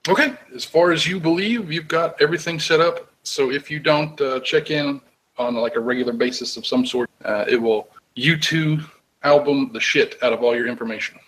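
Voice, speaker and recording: A man's voice: medium pitch, moderate pace, fairly bright tone, poor audio. A man running a tabletop role-playing game, laid-back, with many filler sounds. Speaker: game master. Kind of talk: casual game narration.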